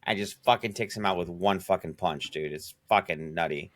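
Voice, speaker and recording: Co-hosting a podcast, a man chats casually with enthusiasm, rambling and cursing freely. His voice is low-pitched and fairly bright at a normal speed, recorded at studio quality with no echo.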